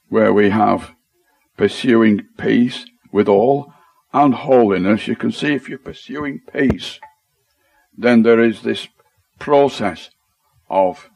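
A man with a Lancashire accent talks through word meanings in a relaxed Bible study discussion. His voice sits fairly low, and he sounds tentative and self-deprecating, often restarting his sentences. The sound is dry and close. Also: no echo. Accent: Lancashire English.

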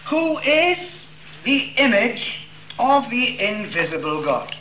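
Man preaching in a church hall, slow and emphatic, voice going way up and down, bit echoey. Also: extremely high pitch, very animated, sharp tone. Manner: slow, emphatic reading of scripture with stressed words. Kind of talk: sermon. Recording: roomy echo with faint room noise.

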